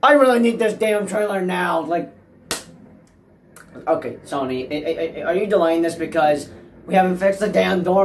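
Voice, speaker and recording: A man vlogging about movies in a rambling, anxious and excitable rant, stammering and restarting as he talks, recorded at home. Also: high voice, moderate pace, pauses often, slight background noise.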